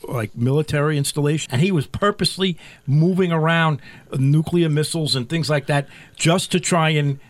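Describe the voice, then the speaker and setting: A man's voice: on the high side, moderate pace, no room sound. A male guest on a talk show, telling loose stories full of fillers. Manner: loose, filler-heavy storytelling. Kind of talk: casual talk-show chat.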